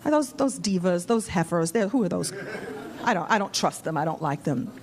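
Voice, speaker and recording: A woman's voice: on the low side, animated, fairly quick, a little mellow. A woman comedian from New York doing stand-up on a club stage, teasing the audience. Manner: brassy, teasing the crowd. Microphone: handheld.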